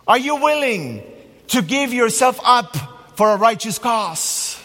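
Animated male preacher in a reverberant hall. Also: very high voice, slow. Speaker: pastor. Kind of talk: sermon.

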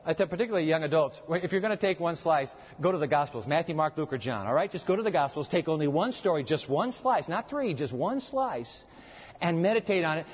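Preacher, male, high folksy voice, long hall reverb, slightly muffled. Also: brisk, slightly rough. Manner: folksy, animated, jokes with the audience. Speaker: pastor. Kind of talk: sermon with live demonstration. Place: church hall with audience.

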